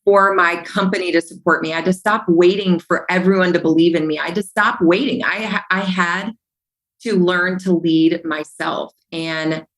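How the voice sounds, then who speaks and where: A woman with a slightly low voice talks as a podcast guest, lively and animated. She acts out remembered exchanges and stacks up repeated phrases for emphasis. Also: normal speed, rough recording. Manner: animated storyteller who acts out remembered dialogue. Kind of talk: conversational podcast interview.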